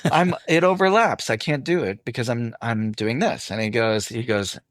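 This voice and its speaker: Low-voiced man telling a story. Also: moderate pace, dry recording. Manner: animated anecdote telling, voices others in quotes. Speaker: actor guest. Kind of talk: casual interview storytelling.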